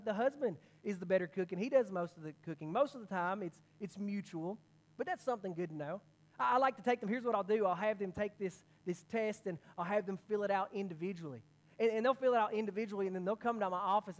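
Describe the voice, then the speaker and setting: A man preaching a sermon as pastor, telling a story with energy and many quick restarts. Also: high voice.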